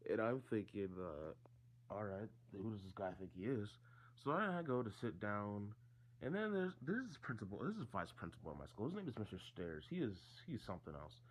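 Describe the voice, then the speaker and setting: A man's voice: on the low side, animated, normal speed. A teenage boy telling a story from school in a casual, rambling way, full of fillers and restarts. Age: teens.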